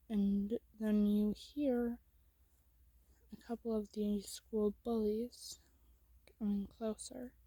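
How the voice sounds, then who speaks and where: A woman narrating a second-person fan story in a soft, intimate whispered role-play. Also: a little high, dry recording.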